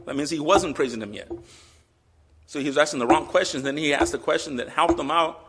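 A male pastor preaching a sermon earnestly and with emotion, reading scripture aloud slowly. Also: mid-range voice, fairly bright tone, slightly rough. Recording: long hall reverb.

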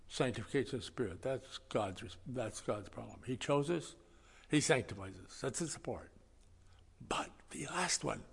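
A man preaching a sermon in a folksy, conversational way, swinging between loud stressed words and quiet asides. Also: medium pitch, creaky, breathy edge, big-room sound. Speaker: pastor.

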